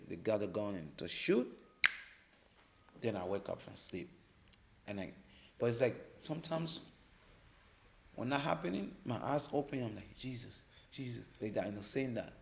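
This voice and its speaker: Gravelly man telling his story. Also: fairly low pitch. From Liberia. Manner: halting, repeats words as he restarts. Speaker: podcast guest. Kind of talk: personal storytelling.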